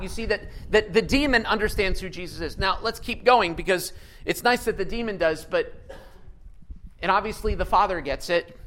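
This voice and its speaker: A pastor with a high-pitched voice preaches a sermon at normal speed with lively energy, repeatedly questioning his listeners and reading scripture aloud with dramatic emphasis. The audio quality is poor.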